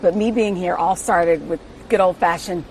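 Eager American woman interviewer, slightly low voice. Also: a little mellow, a little hiss or hum. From United States. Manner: enthusiastic, quick with exclamations and laughter. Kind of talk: casual interview conversation.

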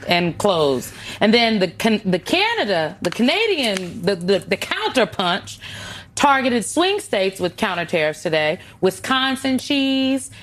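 A woman's voice: mid-range voice, very animated, measured pace, fairly bright tone. A woman co-hosting a news panel, reading out a list in a chatty way with wry asides. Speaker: news show co-host. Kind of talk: panel discussion.

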